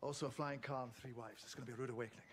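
An actor with a Scottish accent playing an eccentric, excitable alien time traveller in a TV series. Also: male voice, mid-range voice, racing, loud music behind the voice, lightly acted. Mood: playful. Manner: animated, theatrical, jumps between wry and excited. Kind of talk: TV series acting. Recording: TV clip with score underneath.

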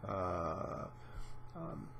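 A man giving an informal lecture, explaining step by step with frequent pauses and filler sounds. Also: deep voice, very animated, gravelly, a bit bright, a little hiss or hum. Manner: explanatory, unhurried, many "uh" and "um" pauses; acts out patient dialogue in a raised voice. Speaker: lecturer on psychoanalysis.

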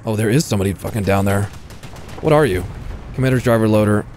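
A man with a fairly low voice talks through his tank match in a casual, excitable way, swearing freely and taunting the enemies he spots. He sounds like a gaming creator recording at home, and faint game noise sits under his voice. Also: fast talker. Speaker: gaming YouTuber. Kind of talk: casual gameplay commentary.

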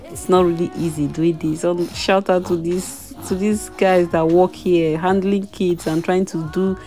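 A woman's voice: fairly low pitch, steady tone, unhurried, mellow, soft background music. A young adult woman chatting casually in a voice-over about her baby's ear piercing, breaking into small laughs.

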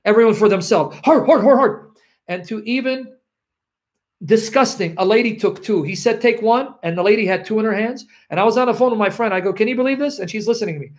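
With a high-sitting voice and a brisk pace, a man preaches to viewers online as a Christian preacher. He performs selfish voices that push back against God, repeats key phrases, and later shares a story from his own life.

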